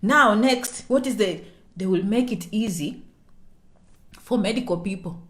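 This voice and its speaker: A woman's voice: mid-range voice, a little slow. A woman explaining immigration news to her viewers in a casual way. She keeps asking "okay?" and drops into half-whispers for sensitive points. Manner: checks in with "okay?" constantly; animated, swings between loud and soft. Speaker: immigration vlogger.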